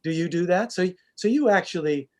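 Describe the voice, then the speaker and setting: A man's voice: sits high, brisk. A man, a stage actor, chatting in an interview over a video call, self-deprecating and full of restarts. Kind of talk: casual interview chat.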